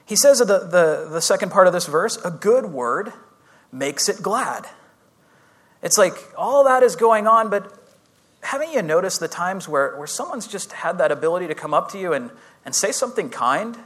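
A man's voice: sits high, expressive, normal speed, fairly bright tone, slightly rough. A young man preaching as a youth pastor, telling a personal story in a casual, chatty, self-deprecating way with frequent restarts. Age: young adult. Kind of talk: sermon storytelling.

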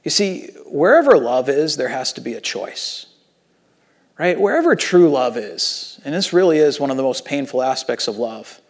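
A male pastor preaching a sermon in an animated, conversational way, swinging between loud emphasis and hushed passages. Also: medium pitch, normal speed, gravelly.

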